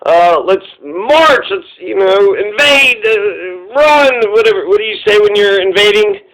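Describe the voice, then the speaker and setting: Mocking, profane high-voiced man. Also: lively intonation, measured pace, noisy background. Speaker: commentary video host. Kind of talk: casual profane commentary.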